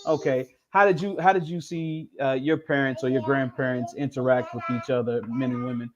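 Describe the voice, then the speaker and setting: A man's voice: mid-range voice, fairly even intonation, a little fast. A man hosting a casual interview who laughs often and repeats words for emphasis. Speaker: host. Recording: dull lo-fi audio.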